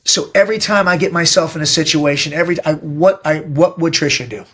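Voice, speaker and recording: A middle-aged man speaks as a podcast guest, blunt and emphatic, with plenty of swearing. He tells stories in a direct, forceful way. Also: a little high, brisk. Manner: blunt, profane, emphatic storytelling. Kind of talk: casual interview talk.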